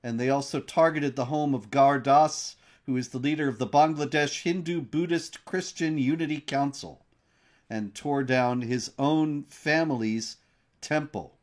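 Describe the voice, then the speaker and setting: Measured man hosting a talk show. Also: medium pitch, steady tone. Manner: measured, reporting-style telling with fillers. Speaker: host. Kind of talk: news commentary discussion.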